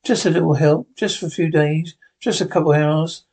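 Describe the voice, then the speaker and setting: Male reader as an anxious elderly father, weary and protective, with a slightly high husky voice. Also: a little fast, a little mellow. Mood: pleading. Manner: tired, pleading and worried.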